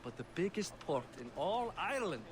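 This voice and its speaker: A man's voice: high-pitched, big pitch swings, normal speed, a loud crowd. An actor playing a proud, hearty middle-aged Norse king in a video game. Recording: game audio over loud city ambience.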